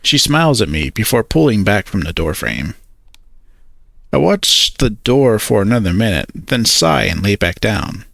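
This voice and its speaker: A man's voice: on the low side, very animated, measured pace, creaky, a bit bright, no room sound. A man narrating a first-person story, hesitant and awkward in his character's lines.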